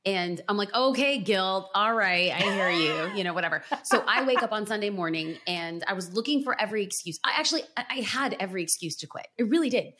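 A woman church planter, a podcast guest, telling an emotional personal story with earnest, animated delivery. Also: medium pitch. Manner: animated, earnest, pace swings from rapid to drawn out.

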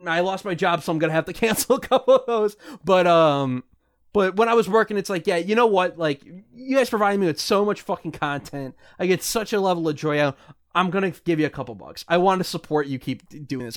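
A man with a somewhat high voice rants sarcastically in a loose podcast chat. He swears freely and sounds fed up with what he describes. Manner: profane, ranting, sarcastic.

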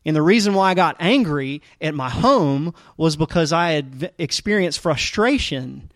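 A man preaching a sermon as a pastor, talking casually with lots of fillers and restarts, and getting animated when he tells stories. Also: a little high, normal speed, no echo, clean studio sound. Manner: conversational, rambling with fillers and restarts; animated storytelling with rising energy.

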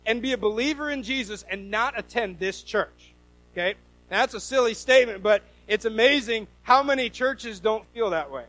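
A pastor preaching a sermon in a high voice for a man. He keeps it conversational, restarting phrases and asking the congregation rhetorical questions. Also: moderate pace, sharp tone, dry recording, faint music behind, low-quality recording.

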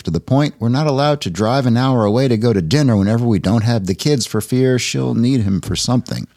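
Man reading a letter with lively expression. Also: mid-range voice, dry recording, clean studio sound. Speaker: co-host. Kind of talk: reading a listener letter aloud.

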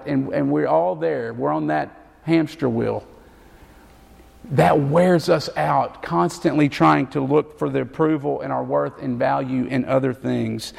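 A man preaching a sermon as a pastor, telling a story earnestly and slowing down to stress key words. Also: fairly high pitch, gravelly, darkish tone. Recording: long reverb of a large hall.

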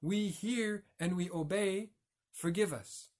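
A man's voice: high-pitched, slow pace, a little mellow. A man giving a reflective religious talk as a teacher, explaining and carefully pronouncing Arabic terms.

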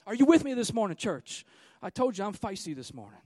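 Man, thirties, pastor preaching, high voice, dry close sound, fiery then hushed. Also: sing-song, fairly quick, no echo. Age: 30s. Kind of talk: sermon.

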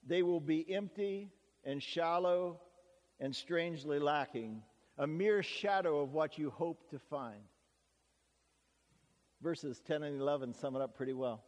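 A man with a somewhat high voice preaches a sermon. He is earnest and measured, pausing often as he reads scripture and explains it. His voice carries a long reverb, as if in a large hall. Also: a little mellow. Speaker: pastor.

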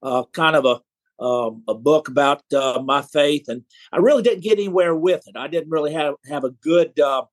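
A man with a Southern American accent, an author talking in an unhurried, folksy way with frequent pauses and hesitations. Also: on the high side. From South Carolina, USA. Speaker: author, guest. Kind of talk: casual interview chat.

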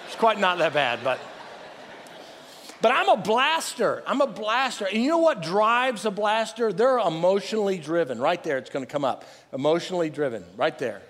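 Loud, animated male pastor preaching. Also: sits high, moderate pace, big-room sound. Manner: loud, passionate, self-deprecating, improvised. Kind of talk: sermon.

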